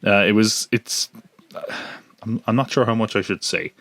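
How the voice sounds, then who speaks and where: A man's voice: fairly low pitch, moderate pace, a bit bright, no echo. A man hosting a casual solo podcast, chatty and joking, with lots of fillers and restarts. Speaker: podcast host.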